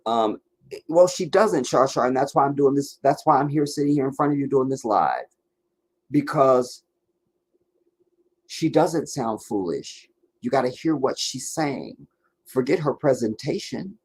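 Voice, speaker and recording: A man hosting a live stream and answering viewers' comments, talking bluntly and emphatically, dropping to low mutters and rising to insistent points. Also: lively intonation, a little slow, slight background noise. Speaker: livestream host answering chat. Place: sitting in front of a camera for a live stream.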